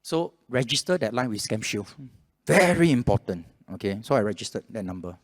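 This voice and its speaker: A man's voice: fairly low pitch, fast talker. A man with a Singaporean English accent, telling a story to a live audience at a panel and acting out the voices in it. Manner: lively, acts out voices and laughs while telling. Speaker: panel speaker. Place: event hall with audience. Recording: echoey hall.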